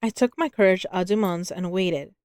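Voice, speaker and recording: A woman's voice: fairly low pitch, normal speed, a little mellow, no echo, studio quality. A woman streaming a novel read aloud, chatting casually between passages, swearing, laughing and talking to her pets. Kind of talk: casual reading and chat.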